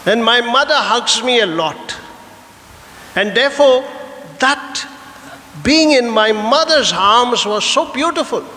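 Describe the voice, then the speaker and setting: A priest preaching a Sunday homily in a church, earnest, with rhetorical questions and a personal story. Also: male voice, extremely high pitch, lively intonation, takes it slowly, pauses often, sharp tone, long reverb tail.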